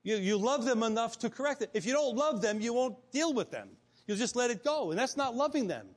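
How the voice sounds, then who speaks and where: A man's voice: extremely high pitch, very animated, brisk. A man preaching a conversational sermon, often restarting phrases and acting out quotes. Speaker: pastor.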